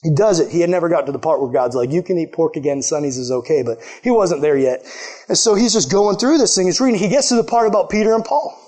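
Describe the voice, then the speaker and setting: A man with a fairly high voice preaches in a relaxed, chatty way. He tells a story to his congregation and slips into quick voices for the people in it. His delivery is lively and animated. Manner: lively, acts out quotes in put-on voices. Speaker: pastor. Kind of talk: casual sermon storytelling.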